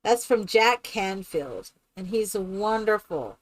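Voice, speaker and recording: A woman streaming a game who chats casually and tells stories in an animated way. She laughs often and keeps asking "right?". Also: medium pitch, takes it slowly. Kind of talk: casual chat while playing a game.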